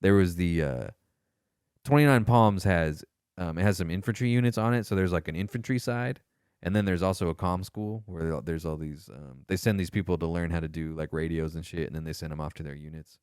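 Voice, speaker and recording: Deep-voiced man telling casual stories. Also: a little fast, smooth, no room sound, studio quality. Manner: swearing, animated, acts out quoted voices. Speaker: podcast co-host, former Marine. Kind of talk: casual storytelling chat.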